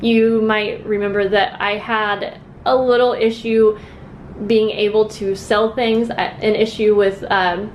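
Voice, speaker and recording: A woman's voice: mid-range voice, slight background noise. Chatty young woman rambling to camera. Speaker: craft vlogger. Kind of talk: casual chat to camera. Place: at home.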